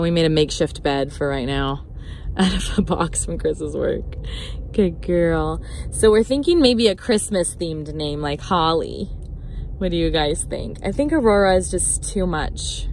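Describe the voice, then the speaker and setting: A woman's voice: animated, a little slow, a little mellow, a little hiss or hum. A young woman vlogging casually, gushing to her viewers and her new puppy, sometimes in a cooing puppy voice. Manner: switches to a high puppy voice. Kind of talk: casual vlog chat.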